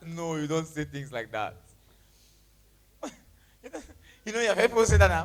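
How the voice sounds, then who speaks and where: A man preaching a sermon to his church, with a lively, emphatic delivery that jumps from shouts to near whispers and mixes in Pidgin phrases. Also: fairly high pitch, normal speed, long pauses. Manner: animated preaching, shouting then dropping to a hush, Pidgin phrases, laughing. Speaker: pastor. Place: church hall with congregation.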